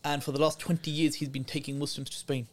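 A man's voice: a little high, little pitch movement, fast talker, a loud crowd. Earnest man telling a story. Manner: earnest, chatty, slangy. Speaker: podcast guest, youth worker. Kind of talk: casual chat, storytelling.

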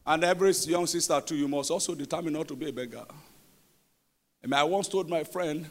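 This is a pastor's sermon in church, delivered by a man with a Nigerian accent whose pitch is fairly high and whose pace is fairly quick. He preaches forcefully, asks the congregation questions, and shifts from shouting to quiet passages.

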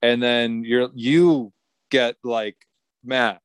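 A young man in his twenties chats casually on a podcast, rambling through a story with frequent swearing and laughter. His voice sounds dry and close, with no room echo. His pitch sits in the middle range. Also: steady tone, very slow, clear, resonant tone. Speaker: podcast co-host. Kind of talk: casual chat.

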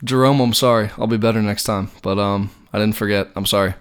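A man's voice: fairly low pitch, steady tone, fairly quick, clear, resonant tone. A man co-hosting a podcast, chatting casually in a rambling, hesitant, wry way. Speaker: podcast co-host.

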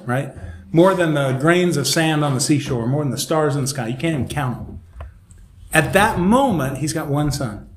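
This man's voice is fairly high, with slight background noise behind it. He runs a relaxed Bible study discussion in a church room, lively and quick to laugh as he performs the quotes he reads. The room echoes, and the group chatters around him.

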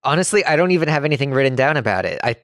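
A man's voice: mid-range voice, animated, racing, no echo, studio quality. A man co-hosting a podcast in casual chat, opinionated and arguing his point. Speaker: podcast co-host.

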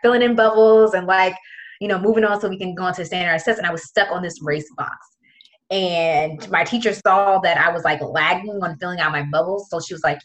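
A young woman from the Prince George's County, Maryland area, appearing as a guest, tells a personal story in casual talk full of fillers and quoted voices. Her voice is fairly low in pitch and fairly bright in tone, captured on a low-quality recording.

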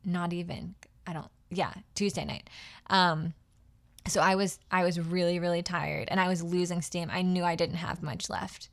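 Woman, young adult, somewhat low voice, casual and heartfelt, lots of fillers and restarts. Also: steady tone, normal speed, gravelly. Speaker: podcast host. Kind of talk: personal storytelling.

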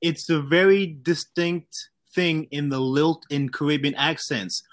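Guest interviewee, male, higher-pitched, slow deliberate emphasis, dry close mic. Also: no room sound, poor audio. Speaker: guest, drinks brand founder. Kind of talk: conversational interview.

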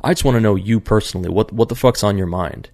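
A man with a very low voice tells a long story, casual and rambling, swearing freely and filling gaps with "like" and "you know." His tone is gravelly with a lot of fry, and the sound is dry and close with no room echo. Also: quick pace, a little mellow. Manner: rambling, profane, many fillers.

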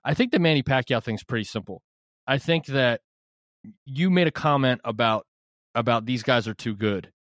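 A man in casual podcast chat, reasoning through his take in an easy, relaxed way with plenty of fillers. His voice is mid-pitched for a man. The sound is close and dry. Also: moderate pace, dry recording. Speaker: podcast co-host.

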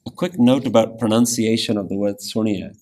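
A man teaching a Sikh scripture lesson, explaining meanings and pronunciation with careful, deliberate explanation and frequent "yeah?" check-ins. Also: on the low side, dark tone. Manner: pronounces Punjabi scripture carefully.

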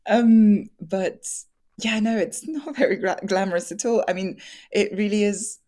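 A woman's voice: medium pitch, moderate pace, a little mellow. A young woman, an actress, talking candidly in an interview, chatty, laughing often and full of fillers and restarts.

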